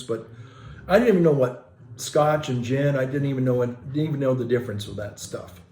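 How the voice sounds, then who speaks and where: A man's voice: medium pitch, brisk, mellow, roomy sound, faint music behind. A man who is a Catholic priest, telling a story casually in a rambling way, with restarts and self-corrections.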